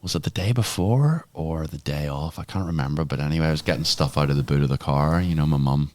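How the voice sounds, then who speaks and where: A man talks as a podcast guest, chatty and full of asides and fillers. His voice sits extremely low, with a deep, rumbling tone. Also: fast, darkish tone. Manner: chatty storyteller, many fillers. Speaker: guest, former swimmer. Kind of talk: casual interview chat.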